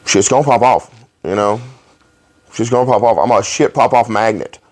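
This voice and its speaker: A man hosting a podcast, telling rowdy stories in a profane, animated way and laughing along. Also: lowish voice, moderate pace. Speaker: podcast host. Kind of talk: casual storytelling chat.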